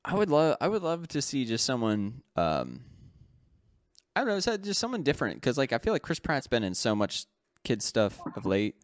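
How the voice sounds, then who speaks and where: A man's voice: mid-range voice, wildly swooping pitch, normal speed, no room sound, clean studio sound. Rambling man chatting on a podcast. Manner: rambling, self-correcting, laughs often. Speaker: podcast co-host. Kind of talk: casual chat.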